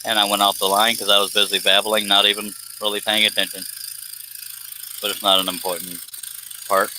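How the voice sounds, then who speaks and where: A man's voice: lowish voice, a little fast, noisy background. A man hosting a live stream, chatting casually and rambling while reading viewer comments aloud, sleepy and yawning. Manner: relaxed, rambling, reads chat comments aloud.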